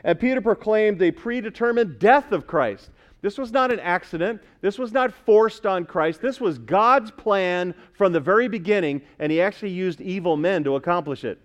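A man's voice: sits high, lively intonation, normal speed, highs cut off. A male pastor preaching a sermon in a conversational way, asking the congregation questions as he goes.

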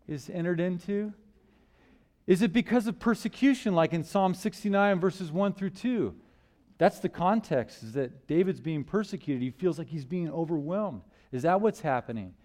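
A man preaching a sermon in church, asking rhetorical questions and swinging between loud emphasis and hushed lines. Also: high-pitched.

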